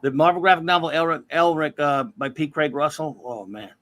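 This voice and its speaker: A man with a fairly high voice, guesting on a casual podcast chat. He works in a comic shop and talks with eager enthusiasm, pressing recommendations hard. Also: expressive, fairly quick, fairly bright tone. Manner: enthusiastic, recommends things emphatically.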